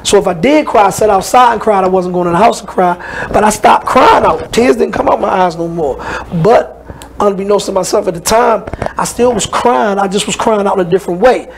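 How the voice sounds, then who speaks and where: Brief: man guest, high, quick, gravelly storyteller with faint noise behind. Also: poor audio. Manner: animated, acts out voices in his stories. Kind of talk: personal storytelling.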